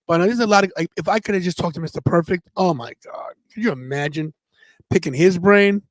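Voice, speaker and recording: Man, fifties, higher voice, animated storyteller, dry close sound. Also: fairly quick, dry recording. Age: 50s. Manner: animated storyteller quoting others in their voices. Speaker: podcast co-host. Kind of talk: casual storytelling chat.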